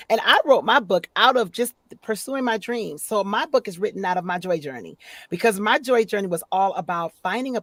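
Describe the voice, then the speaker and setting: Lady on a video call from her office, upbeat and expressive, dry close sound. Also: fairly low pitch, no echo. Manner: expressive, upbeat storyteller who acts out quotes. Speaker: guest, author and voice-over talent. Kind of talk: casual interview chat. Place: home office.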